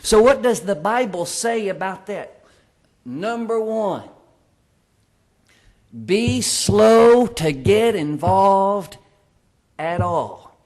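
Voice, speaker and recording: High-voiced man preaching a sermon. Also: lively intonation, a little mellow. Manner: emphatic, slows down on key words. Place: church sanctuary.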